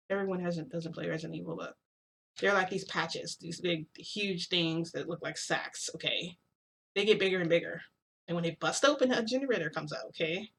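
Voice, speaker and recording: Rambling excitable woman telling a story. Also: lowish voice, moderate pace. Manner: rambling, excitable, with self-corrections. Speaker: vlogger. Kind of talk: casual storytime.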